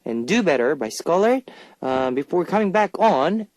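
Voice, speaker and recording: A man hosting a radio music show, announcing in a lively, chatty way. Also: fairly high pitch, moderate pace, no room sound.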